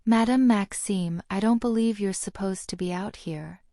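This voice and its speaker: A woman voicing a gruff middle-aged male wizard official, brusque and authoritative. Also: medium pitch, moderate pace, dark tone, no echo, studio quality, close to an everyday voice.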